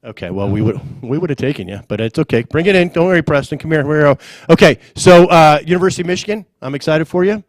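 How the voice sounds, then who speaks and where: A man's voice: a little high, expressive, quick pace, hardly any pauses, dry recording, low-quality recording. A man doing a playful on-the-spot interview, chummy and teasing.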